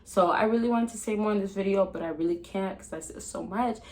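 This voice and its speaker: A woman giving dating advice to camera in a casual vlog, chatty and emphatic, swinging between loud excitement and a soft calm tone, laughing often. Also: medium pitch, fast, poor audio. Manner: laughs often mid-sentence.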